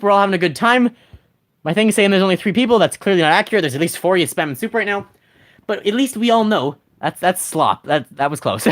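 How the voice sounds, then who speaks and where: A game streamer chatting casually on a live stream, rambling with many restarts and reading chat messages aloud at a desk mic. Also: medium pitch.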